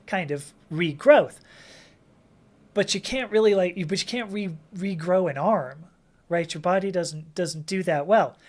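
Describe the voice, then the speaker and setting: A woman hosting a casual livestream Q&A, chatting and reading viewer comments aloud with frequent laughs and restarts. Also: fairly low pitch. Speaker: livestream host answering chat questions.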